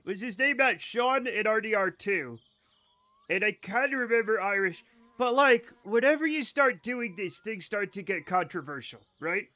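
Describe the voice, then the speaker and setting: Brief: male game streamer with a high voice, chatting to viewers, loose, profane and rambling. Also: bright, forceful tone. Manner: rambling, profane, joking asides to chat. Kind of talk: casual live-stream chat with viewers.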